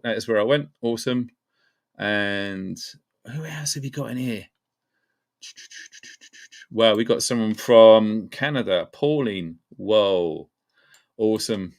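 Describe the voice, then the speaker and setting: Upbeat man greeting live-stream viewers. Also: on the low side. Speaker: livestream host. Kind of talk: casual live-stream chat.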